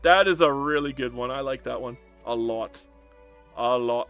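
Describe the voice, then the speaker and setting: A man's voice: medium pitch, moderate pace, fairly bright tone, faint music behind. A man streaming a strategy game live, chatting casually to himself and his viewers, swearing and joking as he plays. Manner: chatty, talks to himself and chat, swears and jokes. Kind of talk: live gameplay commentary.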